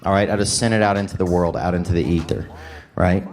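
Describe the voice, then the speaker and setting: A man's voice: sits low, a little fast, soft background music. A man doing stand-up comedy, telling a rambling story with a wry delivery.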